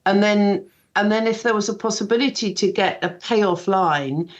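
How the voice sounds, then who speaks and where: Older woman, guest on a radio chat, self-deprecating storyteller, medium pitch, slightly muffled sound. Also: normal speed. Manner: chatty, self-deprecating, acts out quoted dialogue. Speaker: guest author. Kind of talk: casual radio interview.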